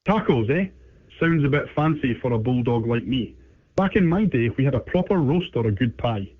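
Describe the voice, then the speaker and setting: A man's voice: medium pitch, expressive, normal speed, dry recording. A text-to-speech man's voice playing a chatty, cheeky bulldog with a British accent, heard through a phone line.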